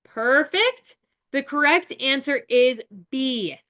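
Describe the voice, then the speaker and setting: A woman's voice: sits high, lively intonation, takes it slowly, bright, forceful tone. A young woman, a nurse, teaching a live webinar in a chatty, encouraging way, talking straight to her viewers. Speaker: nurse educator hosting a webinar.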